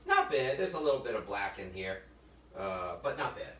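A very animated man with a fairly low, pushed and bright voice speaks at a normal speed while demonstrating a recipe live. As the chef, he jokes, tells stories and often says "folks" to his viewers. The kitchen or library demo room comes through on a distant mic, roomy and faintly noisy.

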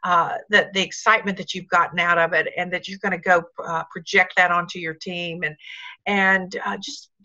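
A woman's voice: lowish voice, steady tone, normal speed, sharp tone, lo-fi sound. A woman team leader giving upbeat, repetitive motivational coaching on a video call.

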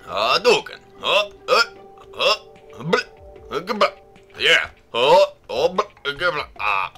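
A young man rambling and joking through casual gameplay commentary, with sudden loud outbursts. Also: lowish voice. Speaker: gaming YouTuber.

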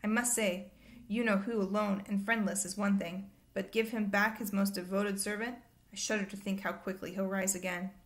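A flustered, pompous middle-aged minister who turns evasive under questioning, as a woman puts him on while reading a storybook aloud. He grows loud and rattled when he talks about the past. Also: medium pitch, fairly even intonation, normal speed, natural voice. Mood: solemn.

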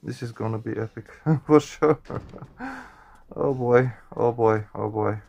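A man with a gravelly, mid-range voice talks his viewers through a horror game. He sounds nervous and on edge, swearing often and tacking man and guys onto his lines as he reacts. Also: mid-range voice, steady tone, measured pace, long pauses, darkish tone, lo-fi sound. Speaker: gaming channel host.

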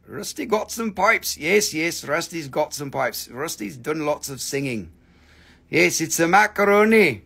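A man's voice: a little high, expressive, a little slow, creaky, fairly bright tone, husky. A man hosting a live online rock and mineral sale, chatting casually, joking and swearing as he shows off pieces and their prices. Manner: profane, joking, breaks into snippets of song. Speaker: live-stream crystal seller. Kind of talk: casual live sales chat.

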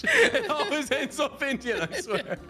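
A young man, chatting loudly and jokily while gaming with friends and laughing often. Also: extremely high pitch, huge pitch swings, measured pace. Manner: loud, jokey, laughs often, scores the others' stunts. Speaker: gamer. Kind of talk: casual gaming chat. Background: loud game music.

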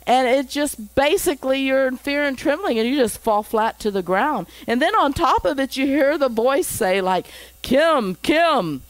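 A woman's voice: high voice, animated, normal speed, hardly any pauses, dry recording, poor audio. A woman pastor teaching a Bible lesson, reading scripture aloud and breaking off for chatty asides and chuckles.

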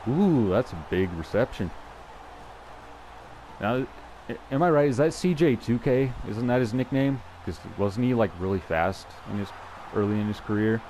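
A man's voice: lowish voice, animated, normal speed, dark tone, a little hiss or hum. A young man giving casual, chatty commentary over his own football video game, thinking aloud and poking fun at his own play. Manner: chatty, self-deprecating, thinks aloud with restarts. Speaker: gameplay commentator. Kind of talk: casual live gameplay commentary.

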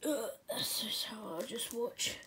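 A woman's voice: fairly high pitch, takes it slowly, pushed and bright, exaggerated voice. A woman voicing a male plush pig contestant who gives up easily and whispers strained reactions.

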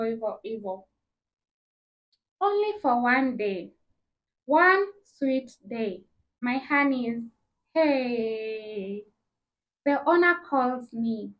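A young woman with a Kenyan accent tells a casual storytime in a high voice. She jumps between English and Swahili slang and acts out each person in the story. The recording sounds slightly dull and lo-fi. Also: measured pace. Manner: animated, acts out dialogue with shifting voices. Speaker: vlogger.

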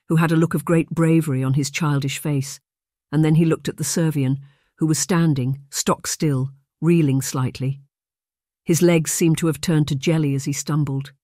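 A man narrating an audiobook in a steady, measured reading. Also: fairly high pitch, dry recording, clean studio sound.

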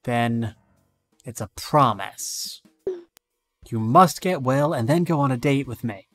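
A man reads a game's conversation aloud, taking both sides in a mid-pitched voice. Now and then his voice lifts sharply. Soft game music plays behind him. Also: expressive, slow. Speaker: streamer. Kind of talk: reading game dialogue aloud.

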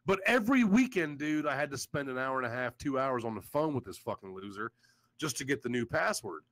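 Profane ranting man with a lively voice. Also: mid-range voice, brisk, dry recording, low-quality recording. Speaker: show host. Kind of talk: casual livestream chat.

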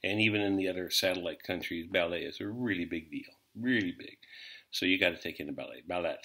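A man's voice: deep voice, fast talker, fairly bright tone. A middle-aged American man giving a casual, rambling language lesson with jokes and many fillers. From United States. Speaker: language teacher.

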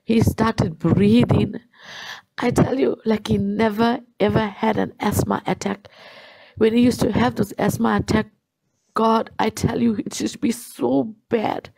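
A woman's voice: on the high side, steady tone, a little slow, gravelly, darkish tone, slightly rough, dry recording, rough recording. A woman telling her personal faith testimony in an earnest way, repeating herself for emphasis. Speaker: guest sharing a testimony.

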